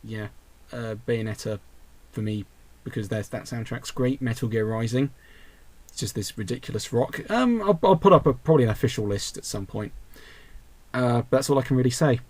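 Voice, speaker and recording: A young man with a voice of middling pitch hosts a loose, casual podcast over a voice call. He reads out listener questions and rambles through his answers, often stopping and restarting mid-thought. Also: normal speed, darkish tone, no room sound.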